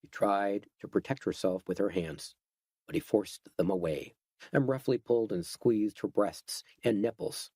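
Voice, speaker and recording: A man giving steady, scripted narration of a horror audiobook. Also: fairly low pitch, unhurried, no echo.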